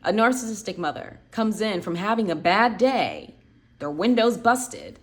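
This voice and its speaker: A woman's voice: medium pitch, very animated, measured pace. A woman in her late twenties, hosting a channel and telling personal stories in a reflective, conversational way with lots of "like" and "um.". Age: late 20s. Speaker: channel host. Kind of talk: personal storytelling commentary.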